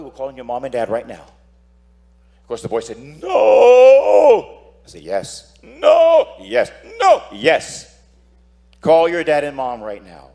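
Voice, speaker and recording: Lively, dramatic preaching priest. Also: male voice, mid-range voice. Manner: dramatic storytelling, acting out voices, calls of "Amen?". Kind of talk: sermon.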